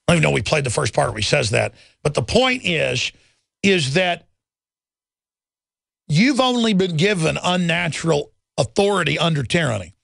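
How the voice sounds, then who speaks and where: A man's voice: a little high, lively intonation, fairly quick, creaky, fairly bright tone, slightly rough, no room sound. A man hosting a radio talk show, ranting intensely about the government and taking calls.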